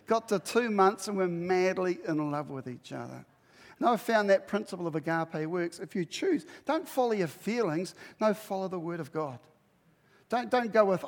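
A man's voice: high voice, moderate pace, in a large hall. A middle-aged man preaching a sermon, telling a story and acting out the dialogue with lots of energy. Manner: animated storytelling, acts out dialogue. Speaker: pastor.

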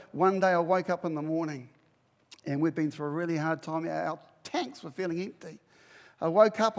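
A man's voice: high voice, big-room sound. A middle-aged man preaching a sermon, telling a story and acting out the dialogue with lots of energy. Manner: animated storytelling, acts out dialogue. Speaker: pastor.

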